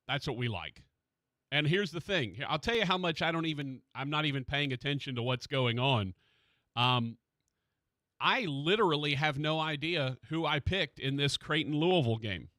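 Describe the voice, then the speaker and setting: A man hosting a sports radio show in a studio, chatting casually and excitedly about college basketball. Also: a little high, moderate pace, dry recording.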